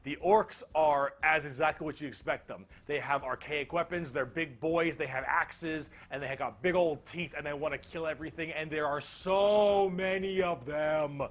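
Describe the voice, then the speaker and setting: A man's voice: fairly high pitch, steady tone, normal speed, hardly any pauses, fairly bright tone. A man narrating a casual comedic explainer with lots of energy, joking and swearing freely.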